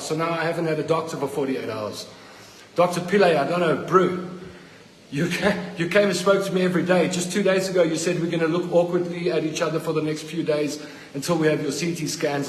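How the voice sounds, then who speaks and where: A man, filming himself on a phone in a hospital ward as a patient, speaking bluntly and with indignation and repeating himself when he gets worked up. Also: a little high. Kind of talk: angry phone-video rant. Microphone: phone held by the speaker. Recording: echoey ward with long reverb and faint noise.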